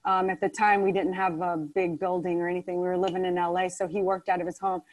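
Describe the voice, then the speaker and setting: A woman guest in an interview, telling a story with lively acted-out quotes. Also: on the low side, quick pace, rough recording. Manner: animated storyteller acting out quotes.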